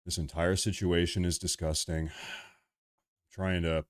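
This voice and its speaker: A man's voice: low voice, flat delivery, takes it slowly. A man hosting a live stream, reading super chats aloud and ranting in an agitated, repetitive way full of restarts. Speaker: livestream host.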